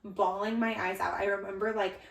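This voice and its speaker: A woman's voice: medium pitch, flat delivery, a little fast, vocal fry, far from the mic. A young woman co-hosting a podcast, telling a story in a gushing, casual way with lots of fillers. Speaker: podcast co-host. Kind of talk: casual chat. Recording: echoey room, voice a bit off-mic.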